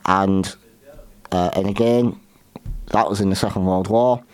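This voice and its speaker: A man hosting a history talk show, giving opinionated commentary in a halting way, often repeating and restarting his words. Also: low voice, fairly even intonation, clean tone, no room sound.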